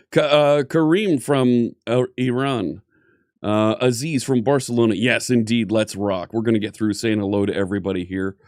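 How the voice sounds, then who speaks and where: A man's voice: medium pitch, no room sound, studio quality. A man hosting a casual coding live stream, upbeat and chatty, greeting viewers one by one.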